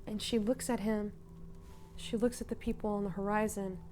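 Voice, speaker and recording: A woman vlogger retelling a live-action role-playing game in casual, animated storytelling. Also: mid-range voice, moderate pace, soft background music.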